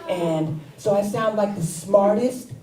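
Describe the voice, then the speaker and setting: A male comedian impersonating a young congresswoman who talks fast in a childlike voice. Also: high-pitched, mellow, pitched above the performer's own voice. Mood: earnest. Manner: fast talking in a sixth-grade voice. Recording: roomy theater sound, distant mic.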